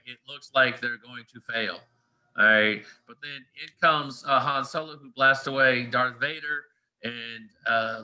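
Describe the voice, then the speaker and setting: A man's voice: mid-range voice, pushed and bright, poor audio. A man teaching a class in a casual, conversational lecture, often checking in with "all right" and "right?".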